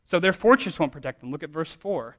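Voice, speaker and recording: A man's voice: on the high side, animated, fairly quick, a bit bright. A man in his thirties, a pastor preaching a sermon in a conversational, self-deprecating way, often restarting his sentences.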